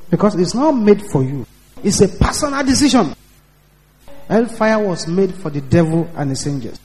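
A man's voice: high-pitched, very animated, fairly quick, a little mellow, in a large hall, rough recording. A man preaching a sermon, repeating emphatic warnings to his listeners.

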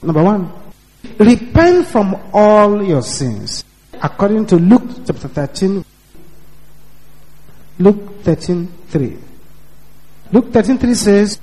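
High, animated male preacher. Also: takes it slowly, pauses often, big-room sound, low-quality recording. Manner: emphatic, repetitive warnings. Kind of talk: sermon.

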